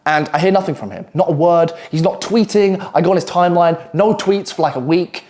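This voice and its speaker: A young man with a British accent tells a work story straight to camera in a loose, casual way. His voice sits a little higher than most men's. He swears often and breaks into quick, animated asides. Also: a little hiss or hum. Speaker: copywriter telling a work story.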